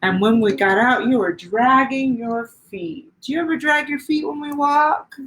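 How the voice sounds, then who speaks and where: Gentle storytelling woman pastor. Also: high voice, moderate pace, slight background noise, rough recording. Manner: gentle, sing-song storytelling with questions to children. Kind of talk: reading a children's picture book aloud.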